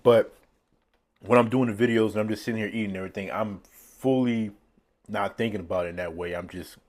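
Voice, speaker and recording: A man's voice: fairly low pitch, a little fast, darkish tone. A man talking casually while eating a meal on camera. He rambles from one thought to the next and chuckles often at his own remarks, recorded on a phone set on a tripod. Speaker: mukbang vlogger. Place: seated indoors at a meal.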